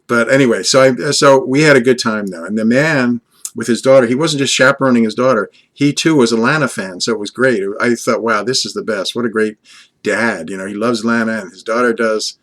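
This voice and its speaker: A man's voice: medium pitch, brisk, fairly bright tone. An older man from Long Island talking earnestly and fondly in a rambling vlog monologue, addressing an unseen companion. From Long Island, USA. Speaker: vlogger.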